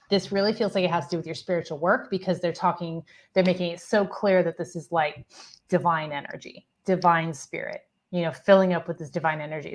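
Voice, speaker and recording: Gentle, lower-voiced woman giving guidance. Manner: gentle, reassuring, steady guidance. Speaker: psychic reader. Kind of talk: live spiritual reading.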